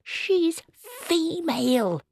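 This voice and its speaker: A woman's voice: on the low side, expressive, unhurried, warm tone, husky, dry recording, clean studio sound, heavily acted. Granny Weatherwax, a woman voicing a cranky old witch. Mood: indignant. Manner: indignant, clipped outbursts.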